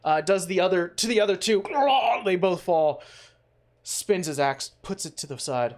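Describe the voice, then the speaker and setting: A man's voice: high voice, normal speed. A man narrating as game master of a tabletop game, rambling with many fillers and restarts.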